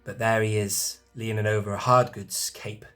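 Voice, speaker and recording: Man in his forties, low voice, chatty collector, faint music behind. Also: flat delivery, moderate pace, fairly bright tone. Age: 40s. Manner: chatty, self-deprecating, swears casually. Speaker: toy collector vlogger. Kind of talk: casual shelf tour.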